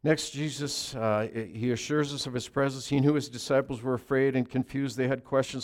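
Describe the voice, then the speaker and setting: A male pastor preaching a sermon, pressing key phrases hard and then dropping into quiet asides. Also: mid-range voice, fairly quick, few pauses.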